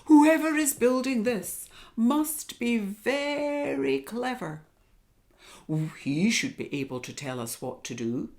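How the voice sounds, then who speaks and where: A woman reading aloud and voicing a wise, observant old male owl in a measured, knowing way. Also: a little high, animated, darkish tone, pitched above the performer's own voice. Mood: earnest.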